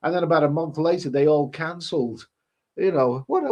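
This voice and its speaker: A travel vlogger with a sniffly cold chats his way through viewer comments on a live stream. His voice sits a little high for a man, and he rambles, restarting his sentences as he goes. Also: animated, brisk, a little mellow. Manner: rambling, chatty, many restarts. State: stuffy with a cold. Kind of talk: casual live-stream chat.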